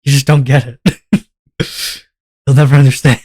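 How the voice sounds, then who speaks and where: A man's voice: medium pitch, flat delivery, moderate pace, darkish tone. A young man from Canada, a streamer ranting casually and with exasperation, swearing and laughing as he talks. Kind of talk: casual livestream rant.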